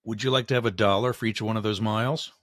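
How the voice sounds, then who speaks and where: A man's voice: on the low side, steady tone, fast, no room sound, clean studio sound. A man co-hosting a podcast, explaining ideas casually and bluntly, with emphatic delivery. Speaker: podcast co-host. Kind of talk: casual conversation.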